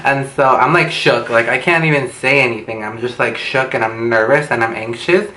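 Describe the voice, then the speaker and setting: The mid-range voice here has a sharp tone and moves at a moderate pace as a young beauty vlogger dishes out a dramatic, profane storytime full of gossip. It's a casual home recording on a camera mic, roomy with a bit of background noise.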